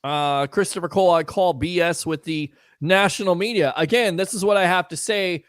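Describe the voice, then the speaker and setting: A man's voice: sits high, normal speed, smooth, dry recording, clean studio sound. A man hosting a casual sports talk show, riffing sarcastically and chatting with listeners.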